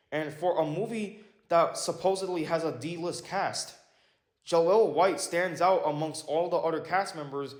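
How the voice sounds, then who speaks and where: Rambling man reviewing movies in an echoey room. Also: a little high. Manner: rambling, self-correcting, filler-heavy; swears casually and laughs at himself. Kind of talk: casual spoken movie review.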